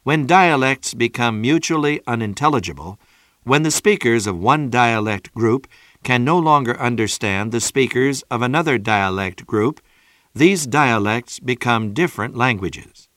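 A man narrates a textbook lesson in a steady, measured way, his voice sitting at an ordinary middle pitch. The recording is close and dry, with no room sound around him. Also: no echo. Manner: measured, even reading of textbook prose. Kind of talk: scripted narration.

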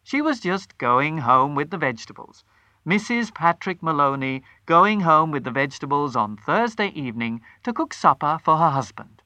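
A storyteller reading a short story aloud with a dramatic, animated delivery. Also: medium pitch, normal speed, no echo.

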